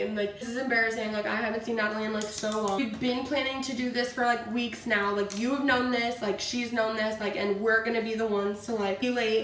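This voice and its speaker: A woman's voice: a little high, fairly even intonation, a little fast, few pauses, a bit bright. A young woman vlogging casually while doing her makeup, telling a story in a chatty way and saying "like" a lot. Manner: chatty storytelling, fills with "like" constantly. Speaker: beauty vlogger. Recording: roomy, from a distance, faint hiss.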